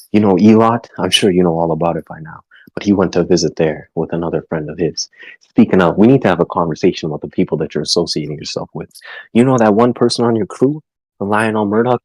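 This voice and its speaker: A man voicing a fierce, protective middle-aged mother who scolds in a rapid, swearing tirade during a tabletop role-play. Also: sits low, darkish tone, breathy edge, dry recording, rough recording. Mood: stern lecturing.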